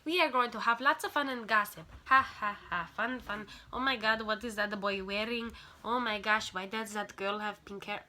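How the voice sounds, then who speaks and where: Woman voicing a shallow gossipy mall girl, put-on accent, sing-song and bright-toned. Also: mid-range voice, moderate pace. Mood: bubbly. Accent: put-on mocking accent.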